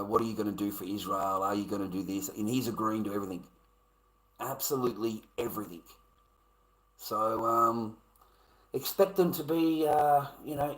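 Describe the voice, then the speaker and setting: A man's voice: on the low side, pushed and bright, rough recording. Sweary Australian man with a tense voice. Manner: profane, blunt, swears constantly. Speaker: livestreamer. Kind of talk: casual livestream rant to chat.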